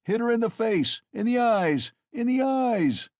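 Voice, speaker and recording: A man's voice: very high-pitched, big pitch swings, measured pace, darkish tone, no room sound, clean studio sound, voice pushed up, full character voice. A man voicing a drunk, brutal peasant who screams ferociously at his horse. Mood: furious shouting.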